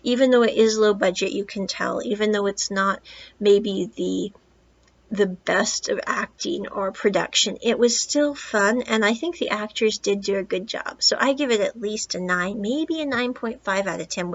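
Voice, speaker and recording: A woman's voice: medium pitch, moderate pace, highs cut off. A woman in her thirties hosting a podcast, giving a rambling casual movie review with asides and retold dialogue. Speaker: podcast host reviewing a film.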